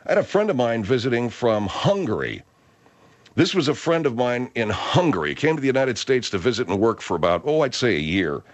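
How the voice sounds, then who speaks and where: A man hosting a talk radio show, riffing with animated comic exaggeration. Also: medium pitch, a little fast. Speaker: radio host.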